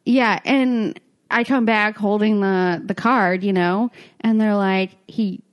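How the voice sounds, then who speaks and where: A woman's voice: medium pitch, takes it slowly, clean tone, muffled recording. A young adult woman co-hosting a podcast, telling a story in casual chat, laughing often and acting out what people said. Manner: animated storyteller, laughs often, acts out quotes. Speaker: podcast co-host.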